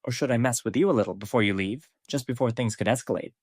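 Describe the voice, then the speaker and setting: A man voicing a young male fighter who has lost his memory, asking cold, flat questions. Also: mid-range voice, fast talker, slightly rough, dry recording, studio quality, lightly acted.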